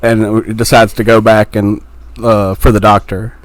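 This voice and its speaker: A man's voice: on the low side, flat delivery, moderate pace, dry recording. Casual man, chatty with filler words. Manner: laughs often, says like a lot. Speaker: podcast co-host. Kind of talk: casual chat.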